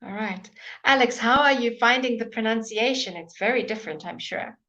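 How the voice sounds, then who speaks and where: Bright-voiced patient pronunciation teacher woman. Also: fairly high pitch, muffled recording. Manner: patient, encouraging, models sounds slowly and exaggerates them. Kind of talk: live online language lesson.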